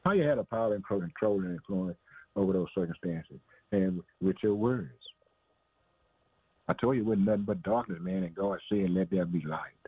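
A man's voice: deep voice, normal speed, husky, no room sound. Man preaching over a tinny phone line. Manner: repetitive, conversational, calls listener "man" and "boy". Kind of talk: informal preaching.

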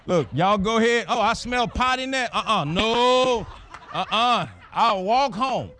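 A middle-aged man preaching a sermon, telling folksy stories in an animated way. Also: high-pitched.

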